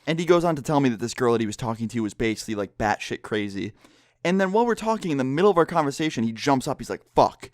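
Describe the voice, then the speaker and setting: Fast-talking young man, hushed and profane. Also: mid-range voice, expressive, dry recording, clean studio sound. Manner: speaks quietly, holding his voice down; loose and profane, lots of filler words. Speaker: vlogger. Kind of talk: casual storytelling vlog. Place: indoor room with people next door.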